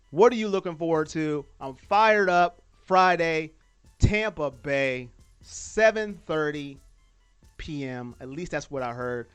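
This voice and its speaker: High-voiced guy hosting a live football podcast, hyped up and rambling, faint music behind. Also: clear, resonant tone. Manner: excitable, self-deprecating, repeats himself. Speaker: podcast host. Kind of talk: casual live sports chat.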